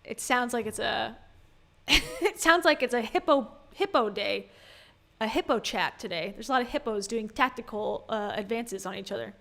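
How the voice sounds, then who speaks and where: A woman's voice: a little high, expressive, normal speed, vocal fry, pushed and bright. A woman giving casual livestream commentary on a podcast, chatty and exasperated, reading viewer comments aloud.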